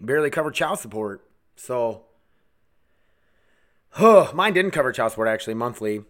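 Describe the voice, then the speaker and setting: A man hosting a solo podcast, ranting angrily with constant swearing, swinging between shouted outbursts and low mutters. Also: very animated, normal speed. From United States. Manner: angry, swearing constantly, heated. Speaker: podcast host.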